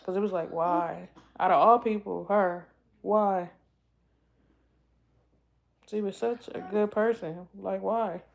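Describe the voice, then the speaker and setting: A woman hosting her own vlog speaks in an emotional, casual way. She is tearful and halting, repeating phrases as she goes, and keeps an unhurried, drawn-out pace at a mid pitch. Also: fairly even intonation, vocal fry. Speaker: vlogger host.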